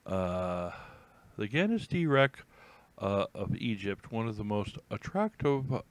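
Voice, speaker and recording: A man's voice: on the low side, animated, takes it slowly, no room sound. Rambling, jokey man on a live stream. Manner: rambling, jokey, self-mocking asides. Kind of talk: casual live stream, reading headlines aloud.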